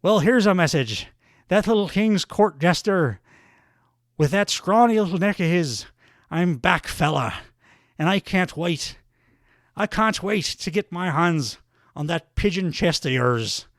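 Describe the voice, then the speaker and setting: A man doing a loud brash Irish brawler. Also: high-pitched, expressive, a little slow, no room sound, studio quality. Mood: boastful. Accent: Irish, put on. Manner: shouting, swaggering trash talk. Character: brash loud Irish male wrestler, boastful and combative.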